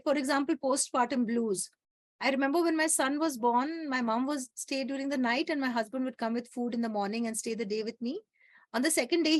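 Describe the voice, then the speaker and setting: Indian lady doctor on a video call, middle-aged, high voice, lively storyteller, dry sound. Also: dry recording. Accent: Indian English. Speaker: gynecologist speaker. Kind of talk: online health talk answering questions.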